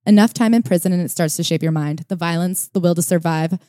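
A woman's voice: fairly low pitch, fast talker, dark tone, no room sound, clean studio sound. A woman co-hosting a casual podcast chat about a book, retelling stories and reading out quotes with energy. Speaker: podcast co-host.

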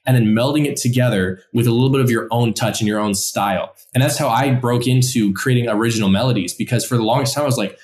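A man's voice: medium pitch, fast talker, few pauses, darkish tone. A man, a musician and songwriter, explaining his creative process with enthusiasm in a casual group discussion, acting out his own thoughts as he goes. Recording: roomy, echoey sound.

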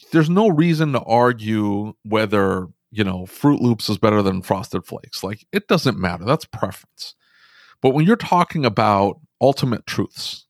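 Male, low register, dry close-mic sound; animated podcast storyteller who restarts often. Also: dry recording. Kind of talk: casual podcast conversation.

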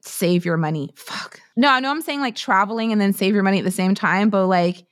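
A woman's voice: medium pitch, fairly quick. Blunt, swearing Canadian woman guest. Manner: blunt, profane and emphatic, full of slang. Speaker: author and podcast guest. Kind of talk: candid conversational interview.

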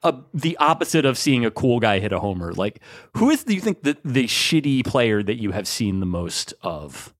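A man's voice: mid-range voice, very animated, normal speed, hardly any pauses, dry recording, studio quality. A man hosting a casual sports podcast, rambling and hedging with lots of 'like' and 'you know'. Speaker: podcast host. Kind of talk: casual chat.

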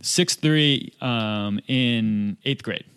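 A man's voice: mid-range voice, drawn-out words, clear, resonant tone. Easygoing man telling stories as a guest. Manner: relaxed storytelling, laughs often. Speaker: podcast guest. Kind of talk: casual chat.

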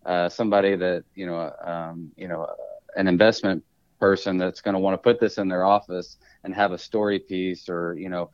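Halting low-voiced man, muffled audio. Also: flat delivery, dry recording. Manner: halting, many restarts and fillers. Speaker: appraiser and auctioneer. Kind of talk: conversational podcast interview.

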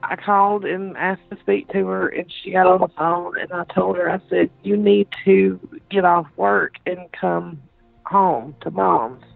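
A woman recounts painful events in an interview, her words halting and often repeated. Her voice has a deep, gravelly fry throughout. It comes through a thin, phone-like line with faint music underneath. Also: steady tone, no room sound. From Georgia, USA. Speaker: interviewee, sister of the deceased.

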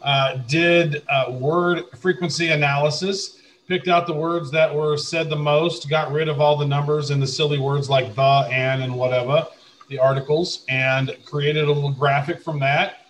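A man's voice: a little high, level tone, normal speed, a little hiss or hum, rough recording. A man co-hosting a podcast, explaining things in casual chat. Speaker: podcast co-host.

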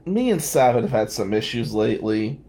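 A man's voice: mid-range voice, sing-song, a little fast, mellow. A man from New Jersey, a defense lawyer, telling a wry, self-mocking story in a casual podcast chat.

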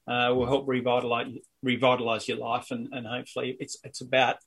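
A man's voice: mid-range voice, monotone, brisk, a bit bright, slightly rough. A man with an Australian accent, talking in an upbeat, easygoing way as an interview guest. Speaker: guest, cardiac arrest survivor. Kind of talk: casual interview chat.

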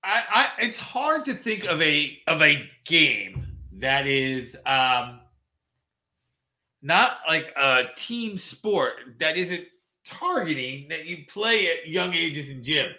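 A man in his forties chatting casually, often pausing and restarting with ums. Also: fairly high pitch, big pitch swings, sharp tone. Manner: halting, trails off with ums. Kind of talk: casual chat.

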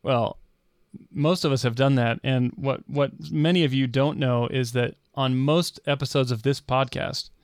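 A man's voice: medium pitch, steady tone, a little slow, no room sound, clean studio sound. A middle-aged man co-hosting a podcast, chatting casually and laughing often. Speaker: podcast co-host. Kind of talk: casual chat.

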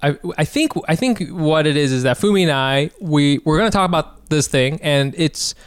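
Male comedy podcast host, higher register, giggly and profane, dry close sound. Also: moderate pace, smooth, no room sound. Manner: excitable, laughs often, swears freely. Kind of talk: casual comedy podcast chat.

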